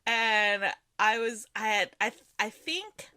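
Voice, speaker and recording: A young woman co-hosting a podcast, telling a story in a casual, excited, giggly way. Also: fairly high pitch, slow, clear, resonant tone. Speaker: podcast co-host. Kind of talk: casual chat.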